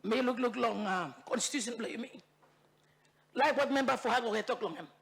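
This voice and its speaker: A woman's voice: on the high side, normal speed, creaky. A woman from Bougainville with a Bougainville accent, a member of parliament giving an impassioned debate speech, repeating phrases for emphasis and slipping into Tok Pisin. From Bougainville, Papua New Guinea. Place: parliament chamber.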